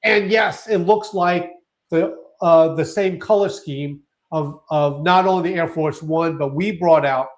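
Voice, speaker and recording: A high-pitched man co-hosting a relaxed live stream. He gets excited, trips over his words and starts his sentences over. His tone is chatty and loose. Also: measured pace. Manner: excitable, restarts sentences, laughs often. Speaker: co-host. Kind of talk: casual live-stream chat.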